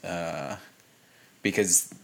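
A man's voice: deep voice, drawn-out words, gravelly. A man co-hosting a podcast in casual chat, making dry, wry remarks. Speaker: podcast co-host.

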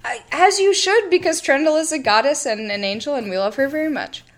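A woman co-hosting a podcast in casual chat, teasing and wry, quick to laugh. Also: sits high, animated. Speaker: podcast co-host.

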